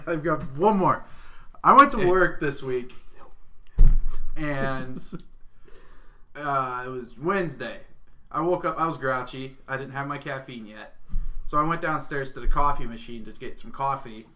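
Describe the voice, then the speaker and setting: A man's voice: mid-range voice, unhurried, long pauses, pushed and bright. A man co-hosting a podcast, telling profane stories in casual chat and laughing often. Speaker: podcast co-host.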